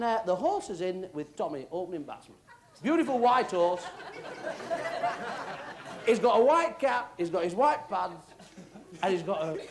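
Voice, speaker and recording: A male stand-up comedian, telling jokes chattily on a music hall stage and laughing at his own gags. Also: high-pitched. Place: theatre stage with live audience. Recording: live theatre audience, background noise.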